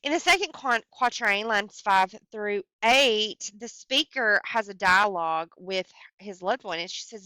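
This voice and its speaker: A woman explaining a poem in a screencast lecture, speaking slowly and haltingly with many fillers. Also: medium pitch, sharp tone, dry recording. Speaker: teacher.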